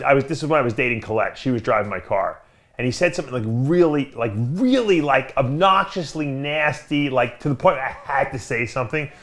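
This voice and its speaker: In a mid-range, slightly bright voice, a podcast host chats casually through his stories. He meanders as he talks, leaning heavily on fillers.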